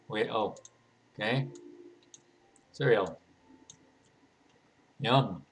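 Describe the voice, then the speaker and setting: A man talking casually through a game, playful and thinking aloud as he goes. He laughs easily at what happens on screen, and his voice sits at an ordinary middle pitch. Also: normal speed, pauses often, slight background noise. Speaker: gaming channel host.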